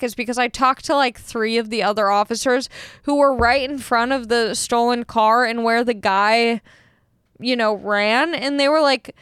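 Animated young woman telling a story. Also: on the high side, smooth, no echo, clean studio sound. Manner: animated, swears freely, acts out quoted people. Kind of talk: casual storytime chat.

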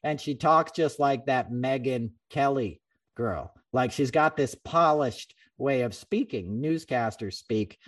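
A man hosting a podcast, talking politics in a loose, animated ramble. He swears freely and keeps restarting his sentences. He sits a little back from the microphone. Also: mid-range voice, takes it slowly, recorded from a distance. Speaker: podcast host. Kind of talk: casual political chat.

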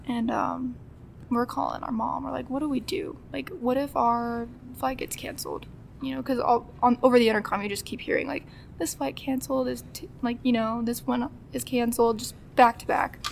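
Chatty young woman with gravelly voice. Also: on the high side, fairly even intonation, normal speed, slight background noise. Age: 20s. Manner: chatty, acts out quoted dialogue, laughs often. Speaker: podcast guest. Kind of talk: casual storytelling.

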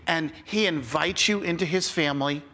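A man's voice: fairly high pitch, moderate pace, bright, forceful tone, big-room sound. A man preaching a sermon as pastor, talking conversationally, repeating key phrases and checking in with "okay?".

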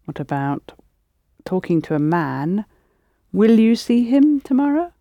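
Teacher, patient step-by-step explainer, medium pitch, dry close sound. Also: sing-song, unhurried, dry recording, dull audio. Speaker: language teacher. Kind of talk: guiding students through spoken drills.

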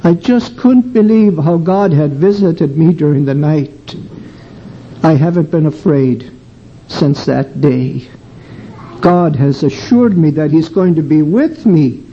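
An older man giving an earnest, emotional sermon testimony, telling a story slowly. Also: a little high, dark tone. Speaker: preacher. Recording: dull lo-fi recording with faint background noise.

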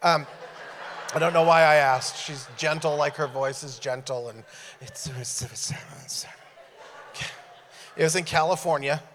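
Animated male preacher in a reverberant hall. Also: a little high, measured pace, long pauses. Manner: animated, acts out dialogue in stories. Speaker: guest preacher. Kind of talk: sermon storytelling. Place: church sanctuary.

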